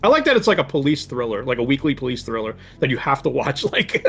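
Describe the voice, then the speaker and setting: A man in his forties, a podcast guest and horror filmmaker, chatting casually and telling stories with animated laughter. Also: medium pitch, fast, husky, soft background music.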